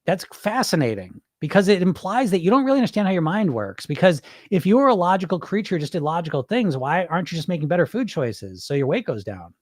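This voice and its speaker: A man with a fairly high voice talks in a loose, blunt way, dropping the odd swear word as he speaks to his audience. He sounds close and dry, with no room around him. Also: big pitch swings, quick pace, few pauses, a little mellow, no room sound. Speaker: weight loss hypnotist and podcast host. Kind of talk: casual live-stream talk.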